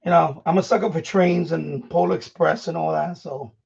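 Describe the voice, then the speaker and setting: A man's voice: a little high, fairly even intonation, normal speed, gravelly, darkish tone, breathy edge. A middle-aged man hosting a live stream, chatting in a rambling way full of fillers and restarts, out of breath as he tidies his home studio. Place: home studio room, moving around while tidying. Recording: distant, dull lo-fi mic.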